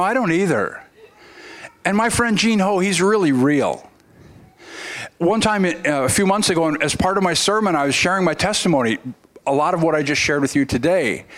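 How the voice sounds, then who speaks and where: Male guest preacher, fairly high voice, storytelling sermon, casual with restarts. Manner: conversational storytelling with frequent restarts.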